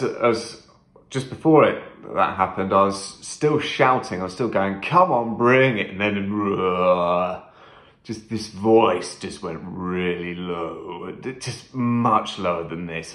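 A man's voice: fairly low pitch, a bit bright, reverberant. A man vlogging a first-person trip report, talking intensely and emphatically, swearing often and repeating phrases.

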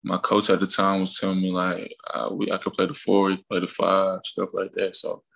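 A young man from Mississippi, a college basketball player, telling stories in a relaxed, rambling way in a casual interview. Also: low-pitched, a little fast, vocal fry, low-quality recording. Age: young adult. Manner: relaxed, rambling with fillers and restarts, laughs while telling stories.

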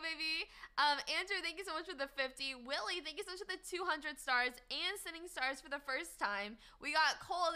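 A woman live streamer chatting casually with her viewers, upbeat and slangy as she shouts them out one by one. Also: high-pitched.

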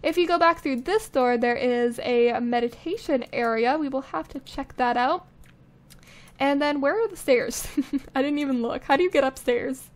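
Young woman, high voice, chatty let's play commentary, thinks aloud, light giggles, close condenser mic. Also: moderate pace. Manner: chatty, thinking aloud, frequent little laughs. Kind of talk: casual gameplay commentary. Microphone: studio condenser microphone.

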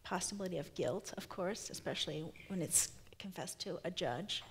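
A lowish female voice at a moderate pace comes through over slight background noise. She's a novelist in her thirties, a guest in a live conversation onstage, working through her thoughts and often starting sentences again.

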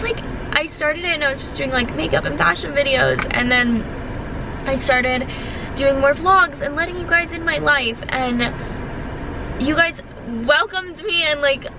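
Her voice a little high, a twenty-something woman chats in a casual vlog, earnest and heavy with filler words. She's emotional, near tears, and background noise is audible.

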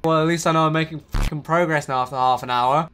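A young man giving casual, sarcastic gameplay commentary with swearing and jumpy shouts. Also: on the high side, steady tone, fast, a little hiss or hum. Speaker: streamer.

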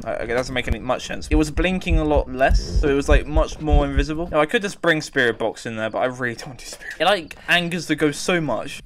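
Young man, slightly high voice, jittery game commentary, jokes to himself, faint background hiss. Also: fairly bright tone. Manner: jittery, jokey, talks to himself. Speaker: gaming streamer. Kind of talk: live gameplay commentary.

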